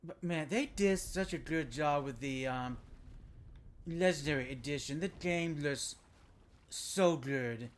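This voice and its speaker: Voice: medium pitch, takes it slowly. A game streamer chatting casually with viewers during a live stream, laid-back and chuckling now and then. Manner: chatty, talks to chat viewers. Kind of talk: casual live-stream chat while playing.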